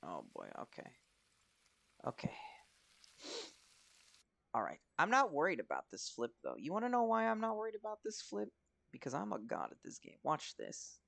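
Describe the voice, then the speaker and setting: Young male gamer, gravelly tone, close dry sound, chatty and foul-mouthed let's-play commentary. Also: a little high, wildly swooping pitch, normal speed, pauses often, a bit bright, no room sound. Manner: chatty, swears, talks to himself. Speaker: gaming commentator.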